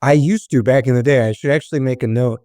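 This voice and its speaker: A man's voice: medium pitch, fast talker, dark tone, no room sound, studio quality. A young man and stand-up comedian, a podcast guest, telling loose, profane stories with laughs. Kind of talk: casual storytelling chat.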